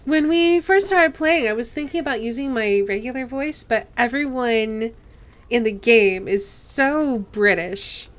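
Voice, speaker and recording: A woman's voice: on the high side, animated, a little slow, a bit bright. An American woman streaming a game, chatting casually in a chatty way and laughing often. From United States. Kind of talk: casual gameplay commentary.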